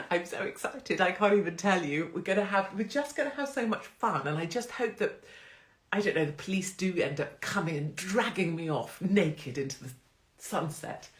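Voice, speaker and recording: A woman's voice: fairly low pitch, expressive, normal speed. A woman hosting a casual live stream, brash and jokey, swearing freely and laughing often, from England. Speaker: host. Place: home, live phone stream. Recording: roomy echo.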